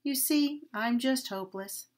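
A woman voicing a timid, weak young male donkey who pleads and frets in a high, loud voice. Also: unhurried. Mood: anxious.

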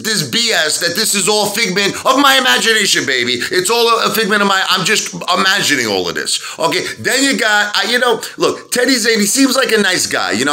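Animated, high-pitched ranting man. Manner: rambling, animated, with repeated "baby" asides. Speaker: stock market vlogger. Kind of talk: excitable ranting monologue.

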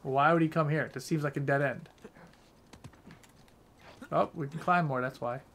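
A man's voice: a little high, fairly even intonation, moderate pace, a bit bright, a little hiss or hum. A young man streaming a game, rambling casually and swearing while chatting with his viewers. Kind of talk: casual gameplay commentary.

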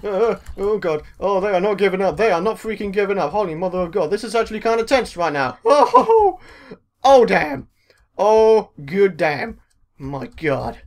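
A jumpy, excitable man with a British accent commentating his own gameplay. He talks to himself, loops the same words again and again, and lets out mild swears. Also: high voice, moderate pace. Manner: excitable, repeats phrases over and over. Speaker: gaming video host. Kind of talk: let's play commentary.

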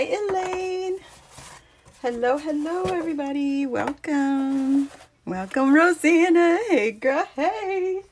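A woman's voice: high-pitched, a little hiss or hum. Breathless chatty woman greeting viewers. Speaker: crafting livestream host. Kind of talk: casual live chat. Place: home craft workbench. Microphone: phone on a mount.

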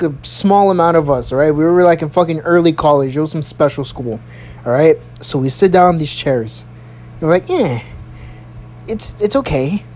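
A young adult in their early twenties telling a school story in a profane, animated, rambling way. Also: mid-range voice. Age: early 20s. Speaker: vlogger. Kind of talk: storytime vlog.

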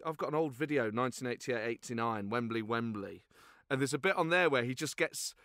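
A man in his thirties hosting a podcast, a lively storyteller who laughs often in casual chat. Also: mid-range voice, fairly quick, no room sound, studio quality. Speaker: podcast host.

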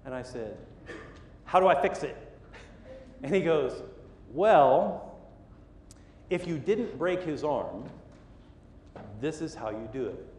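A man's voice: on the high side, animated, slow pace, long pauses, a little mellow, echoey room, long reverb tail, slight background noise. A middle-aged man preaching a sermon, telling a story with lots of energy and acting out the voices and sounds. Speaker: pastor. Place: church sanctuary.

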